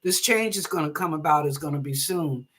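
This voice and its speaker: A woman's voice: sits low, expressive, brisk, husky. A woman hosting live online psychic readings. She reads viewers' questions aloud, then interprets them in a chatty, easygoing way, laughing often and blessing her callers. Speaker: psychic reader and show host.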